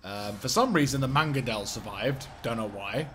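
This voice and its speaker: A man's voice: mid-range voice, moderate pace, bright, forceful tone, slight background noise. A man casually commenting on his strategy game as he plays, rambling, swearing and breaking into fits of giggles. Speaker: gameplay commentator. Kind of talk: casual let's-play commentary.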